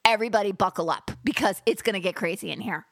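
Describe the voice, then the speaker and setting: A woman guest in a faith conversation, speaking earnestly and building to excited emphasis. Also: mid-range voice, fast, gravelly, no echo, studio quality.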